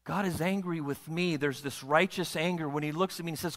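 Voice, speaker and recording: A man's voice: fairly high pitch, steady tone, brisk, fairly bright tone. A pastor preaching a sermon to his congregation, often asking them rhetorical questions. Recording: long hall reverb.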